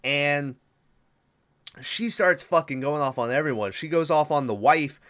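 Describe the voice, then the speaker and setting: A man's voice: on the high side, a little slow, a bit bright. Profane rambling male podcast host. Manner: profane, rambling, with filler words. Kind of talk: casual movie recap.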